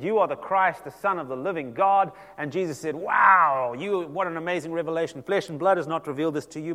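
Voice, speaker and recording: A male pastor preaching a sermon, telling the story with lively acted-out dialogue. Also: a little high, in a large hall. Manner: animated storytelling, acting out quoted voices.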